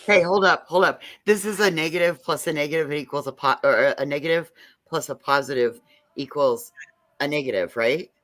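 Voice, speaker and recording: A blunt, jokey guest on a livestream panel who swears freely and speaks in an ordinary pitch. The sound is dry and close. They talk in a loose, chatty way. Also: fairly quick, a bit bright, no echo. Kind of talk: casual livestream chat.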